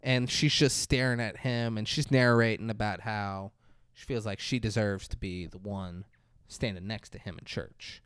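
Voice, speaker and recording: Profane fast-talking podcast host, man. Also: on the low side, clear, resonant tone, dry recording. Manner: profane, animated retelling with mock voices. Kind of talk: casual movie review chat.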